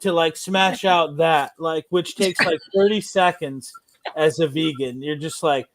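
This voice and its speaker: A man's voice: on the high side, measured pace, a bit bright. A man chatting casually on a podcast in a laid-back, slangy way. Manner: laid-back, slangy, says bro and dude.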